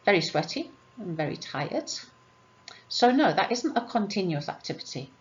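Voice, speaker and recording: A woman's voice: on the low side, lo-fi sound. A woman English teacher going through grammar exercises, patiently asking questions and answering them herself. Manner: patient, asks and answers her own questions.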